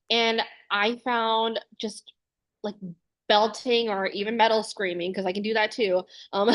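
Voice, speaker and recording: A woman's voice: a little high, a bit bright. A woman guest on a podcast, speaking candidly and reflectively in casual chat. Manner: candid and reflective, with frequent fillers.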